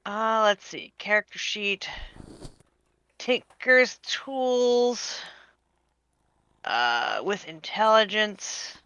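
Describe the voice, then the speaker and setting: Bright, scattered woman player. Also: mid-range voice, expressive, very slow, long pauses, clear, resonant tone, muffled recording. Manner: scattered, self-mocking. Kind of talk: tabletop game chat.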